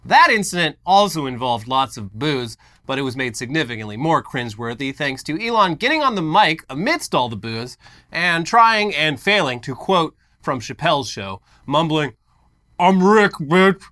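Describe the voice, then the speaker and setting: A man's voice: fairly high pitch, big pitch swings, normal speed, bright, forceful tone. A man co-hosting a tech news show, explaining stories with sarcastic quips. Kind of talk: casual tech news banter.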